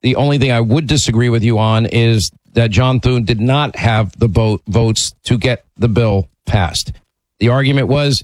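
A man's voice: mid-range voice, no echo, rough recording. A man hosting a political call-in radio show, talking emphatically and often repeating words as he starts a sentence. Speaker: talk radio host.

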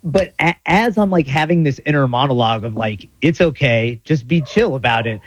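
A man's voice: mid-range voice, animated, normal speed, dry recording, dull audio. A man from South Florida co-hosting a radio show, rambling and acting out his inner monologue as he tells a story. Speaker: radio co-host. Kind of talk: casual radio talk.

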